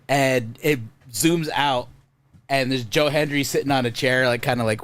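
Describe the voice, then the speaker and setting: Male podcast host, mid-pitched, rambling, laughs through his stories. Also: moderate pace, smooth, no room sound. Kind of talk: casual podcast chat.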